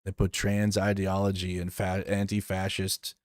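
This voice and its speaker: A man's voice: low-pitched, completely flat delivery, moderate pace, clean tone, no echo, studio quality. A man streaming live, reacting to news in loose, profane, rambling talk. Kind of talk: casual live stream commentary.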